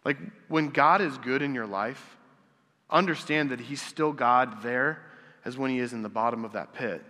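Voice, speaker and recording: A man's voice: medium pitch, normal speed, sharp tone. A man preaching a casual, conversational sermon, asking rhetorical questions and acting out quotes. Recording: long hall reverb.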